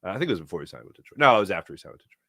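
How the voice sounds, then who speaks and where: A man hosts a sports podcast in a lively, opinionated monologue. His pitch jumps around a lot, and his tone is bright and forceful. The sound is dry and close, with no room around it. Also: racing, gravelly, dry recording. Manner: animated, opinionated, acts out quoted voices. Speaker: podcast host. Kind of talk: casual sports talk monologue.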